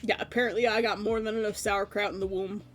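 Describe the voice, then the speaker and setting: A woman streamer in her thirties chats easily with her viewers, her voice sitting at a middle pitch. She is animated, stretches out her exclamations and laughs often. Faint music plays quietly behind her. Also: quick pace. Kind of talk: casual chat with stream viewers.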